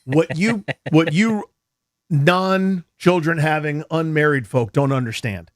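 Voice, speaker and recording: A slightly high-pitched American man takes his time, speaking slowly as he hosts sports radio. He's a rambling, jokey, animated storyteller in a casual studio chat, picked up by a studio microphone.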